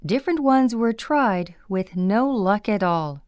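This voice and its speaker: Smooth-voiced woman reading a memoir. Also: medium pitch, animated, darkish tone, dry recording, clean studio sound. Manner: measured, plain storytelling. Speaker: audiobook reader.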